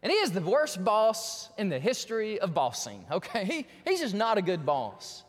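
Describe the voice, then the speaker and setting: A man's voice: high voice, huge pitch swings, normal speed, in a large hall. A man preaching a sermon as pastor, telling stories animatedly and acting out the voices of the people in them.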